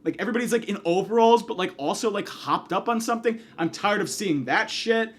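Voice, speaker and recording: A man's voice: sits high, brisk. A man doing a comedic monologue, ranting angrily and profanely, acting out the people he quotes.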